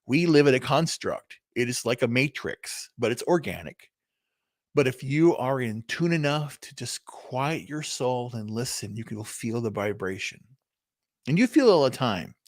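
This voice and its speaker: Middle-aged man, live vlog rant, blunt and profane, very animated delivery, dry close sound. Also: medium pitch, normal speed, no room sound. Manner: rambling, blunt, swears freely. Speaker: vlogger. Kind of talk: live unscripted reflections.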